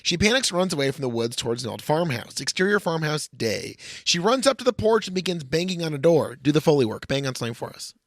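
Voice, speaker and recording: Man, fairly high voice, podcast co-host, comic screenplay reading, teasing asides, close dry mic. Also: very animated, fast talker, hardly any pauses, no room sound. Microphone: studio podcast mic.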